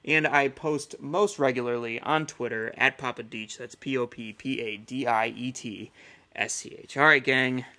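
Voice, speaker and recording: A man's voice: medium pitch, fairly even intonation, normal speed, bright, forceful tone. A man in his thirties hosting a casual solo podcast, rambling and chatty with lots of fillers. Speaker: podcast host.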